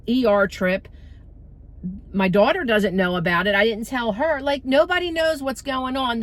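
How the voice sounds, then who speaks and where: A middle-aged woman telling a frustrating story in a casual vlog, rambling and venting with many fillers, recorded outdoors by a street. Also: fairly high pitch. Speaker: vlogger. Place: outdoors by a street, waiting for a ride.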